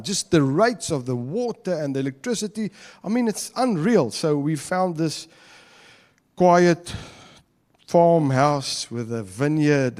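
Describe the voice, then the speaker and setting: In a church hall with long reverb, a man with an Afrikaans South African accent preaches a conversational sermon. His medium-pitched voice is a little mellow, and he jokes with the congregation while switching between English and Afrikaans.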